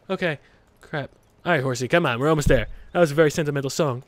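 A young man giving casual gameplay commentary, goofy and mock-dramatic, swinging from mumbled asides to loud outbursts and bits of made-up song. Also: a little high, lively intonation, fast, no echo.

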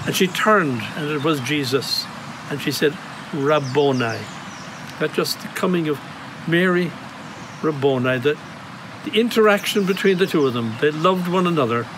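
An Irish priest giving a reflective homily outdoors at a grotto, telling stories in a gentle, conversational way. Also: male voice, fairly high pitch, lively intonation, normal speed, noisy background. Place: outdoor grotto on monastery grounds.

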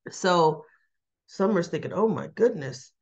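A woman's voice: fairly low pitch, expressive, unhurried, darkish tone. Chatty woman recapping a soap, lo-fi. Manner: chatty, retells scenes with quoted lines and little laughs. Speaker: soap opera recap host. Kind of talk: casual chat.

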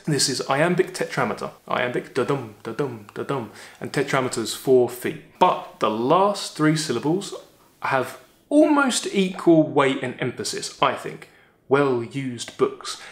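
A man teaching literature, talking through a poem in a chatty way, often checking in with "all right?" and reading quoted lines slowly. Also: medium pitch, roomy sound. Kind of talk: poem analysis lesson.

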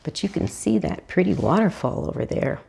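A woman volunteer reading a children's storybook aloud, animated and asking her young listeners questions. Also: on the low side, brisk, gravelly, noisy background. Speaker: hospital volunteer reader.

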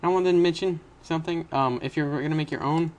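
A man's voice: fairly high pitch, fast. A young man hosting a casual screen-recorded coding tutorial, rambling and correcting himself as he goes. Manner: rambling, self-correcting, chatty with little laughs. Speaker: tutorial host.

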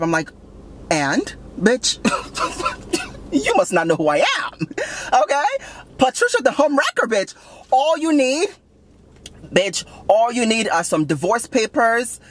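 A man's voice: slight background noise, heavily acted. A man doing Patricia, a brash sassy young mom. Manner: loud, giggly, swears constantly, swoops up high. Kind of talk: comedy sketch in character. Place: in a car.

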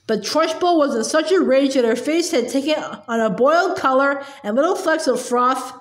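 A woman's voice: sits high, normal speed. A woman reading a children's novel aloud with expression, stumbling and repeating words now and then, in an echoey room. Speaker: storyteller.

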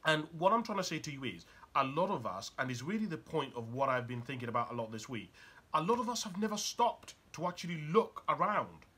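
A man's voice: on the high side, big pitch swings, brisk, sharp tone, breathy edge. A man giving a motivational talk. He speaks urgently and keeps asking the listener probing rhetorical questions.

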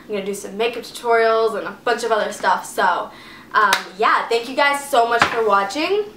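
A woman's voice: a little high, normal speed, background noise. A woman beauty vlogger wrapping up a casual video, chatty and upbeat, with lots of fillers. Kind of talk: casual vlog outro. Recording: echoey room with faint ambience.

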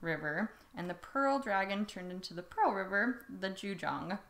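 A woman's voice: mid-range voice, lively intonation, moderate pace, a bit bright. A young woman co-hosting a podcast, retelling a story in casual, bubbly chat and slipping into playful voices. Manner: bubbly, giggly, acts out voices in her retelling. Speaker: podcast co-host. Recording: echoey room.

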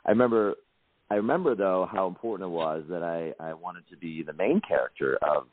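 Over a tinny phone line, a low-pitched, brisk man from Canada answers radio interview questions. He's an actor appearing as a guest, easygoing and reflective, using lots of fillers.

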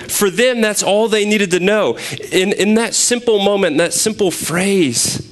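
A young man preaching a sermon, retelling a scripture passage in a conversational, animated storytelling way. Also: on the high side, slow.

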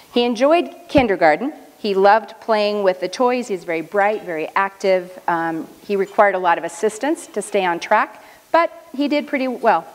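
A middle-aged woman speaks at a luncheon in a mid-range voice, measured and earnest as she tells a personal story. Her words ring out with a long reverb from a large hall. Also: medium pitch.

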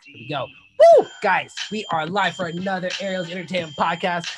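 A high-voiced man hosts a casual podcast. He is pumped up and loud, and he throws in shouts and whoops as he talks. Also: wildly swooping pitch, a little fast, a crowd in the background. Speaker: podcast host.

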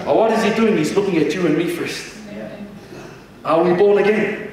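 A man's voice: high voice, moderate pace, very echoey, long reverb tail, recorded from a distance, crowd noise, poor audio. A man preaching a sermon as senior pastor in a church, calling the congregation to respond and often restarting his words.

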